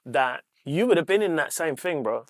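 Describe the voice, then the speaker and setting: A man's voice: fairly high pitch, expressive, normal speed, dry recording, studio quality. A man with a London accent hosting a podcast, talking earnestly in casual street slang and repeating his phrases. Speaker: podcast host. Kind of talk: casual chat.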